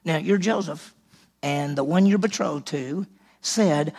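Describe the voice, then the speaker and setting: Gravelly pastor preaching. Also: male voice, on the high side, slow pace, a little mellow. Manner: folksy storytelling, acts out quotes. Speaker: senior pastor. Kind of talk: sermon.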